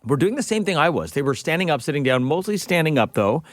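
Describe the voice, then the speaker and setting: A man in his forties telling a story to his co-host and taking calls. He talks in a chatty, lively way and sits a little high in pitch. His voice is recorded close and dry. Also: fast, no room sound. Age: 40s. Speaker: radio show co-host. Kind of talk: casual chat and call-in hosting.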